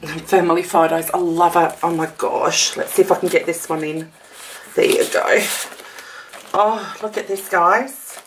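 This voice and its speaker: A woman's voice: on the low side, steady tone, unhurried, a little hiss or hum. A woman from Australia opening a handmade craft gift in a casual vlog, gasping and gushing over every detail.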